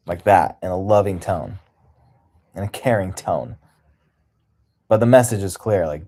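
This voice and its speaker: Husky low-voiced man chatting on a livestream. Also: lively intonation, normal speed, pauses often, dark tone. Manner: candid, rambling, laughs often. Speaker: livestream host. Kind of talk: casual livestream chat.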